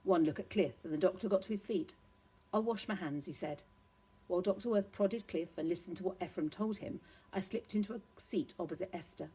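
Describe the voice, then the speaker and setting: A woman's voice: lowish voice, brisk, mellow, husky, rough recording. Woman reading a children's novel. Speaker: reader.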